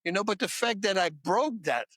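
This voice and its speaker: A man with a high-pitched voice tells wild stories in a podcast chat, laughing between words and tripping over his restarts. The sound is close and dry, with no room around it. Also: moderate pace, no room sound. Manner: lively storyteller, laughs mid-sentence, restarts words. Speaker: podcast guest. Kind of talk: animated anecdote telling in a podcast chat.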